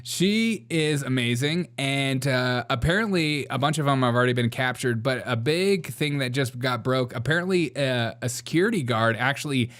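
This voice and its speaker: A man's voice: mid-range voice, normal speed, hardly any pauses, fairly bright tone. A man hosting a political comedy show, giving sarcastic commentary with mocking asides.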